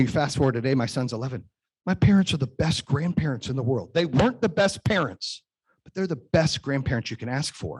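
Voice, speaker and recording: A man in his forties with a slightly raised pitch and a husky voice gives a motivational keynote at an event. He tells personal stories in an emphatic, storytelling manner and drives his points home with punchy, repeated phrases. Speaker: keynote speaker. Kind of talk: motivational stage talk. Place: event stage.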